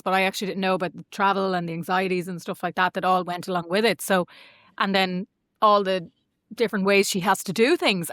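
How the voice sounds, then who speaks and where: A woman in her forties with an Irish accent, chatting on a podcast with lively storytelling. She slips into other people's voices as she tells each story. Her mid-height voice is recorded dry and close, with no room sound. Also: medium pitch, no room sound. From Ireland. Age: 40s. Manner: chatty, animated storytelling with acted-out quotes. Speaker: podcast guest. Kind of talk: casual chat.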